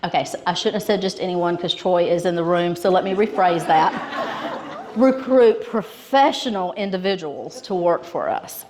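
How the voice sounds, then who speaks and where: A woman's voice: lowish voice, normal speed, darkish tone, a little hiss or hum. A woman with a Georgia Southern accent presenting awards at a banquet, telling a humorous story and often laughing. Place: school banquet hall with an audience. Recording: audience laughter in a hall.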